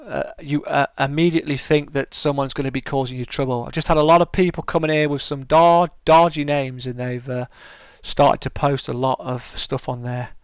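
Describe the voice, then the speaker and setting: A man's voice: medium pitch, flat delivery, normal speed, hardly any pauses, clear, resonant tone, no room sound. A British man hosting a live stream, chatting casually and answering viewers' comments. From United Kingdom.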